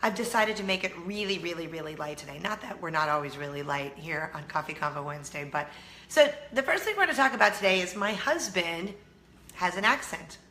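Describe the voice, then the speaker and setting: A middle-aged American woman chats casually to her viewers, bubbly and quick to tease herself. Her voice is bright and sits a bit low. The room around her is echoey with a faint hum. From United States. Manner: bubbly, self-teasing, laughs often. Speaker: vlog host. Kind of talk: casual chatty vlog.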